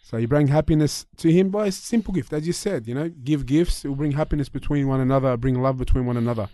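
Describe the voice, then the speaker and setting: A man with an Australian accent hosting a radio talk show, relating a story and reflecting on it in a relaxed, conversational way. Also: medium pitch, quick pace, no room sound, clean studio sound. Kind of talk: casual chat.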